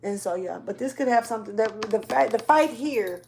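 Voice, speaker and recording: Over slight background noise, a tarot reader delivers a relaxed spiritual reading at a brisk clip. Her somewhat high voice is a little raspy from allergies, and her slangy, loose speech often trails off mid-thought.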